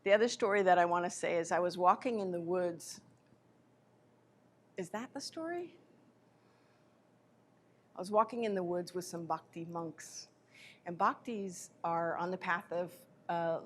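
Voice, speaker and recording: A spiritual teacher giving a live lecture, telling personal stories in an animated way and often correcting herself mid-sentence. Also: female voice, lowish voice. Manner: animated anecdotes with self-corrections.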